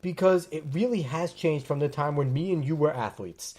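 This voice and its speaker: A man's voice: fairly high pitch, moderate pace. A man hosting a podcast, chatting casually about sports and talking with emphasis. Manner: emphatic, animated storytelling. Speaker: podcast host.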